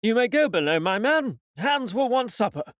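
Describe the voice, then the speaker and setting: A man's voice: extremely high pitch, big pitch swings, normal speed, a bit bright, no echo, studio quality, pitched above the performer's own voice, heavily acted. A man voicing a stern, strict ship's captain who barks curt orders.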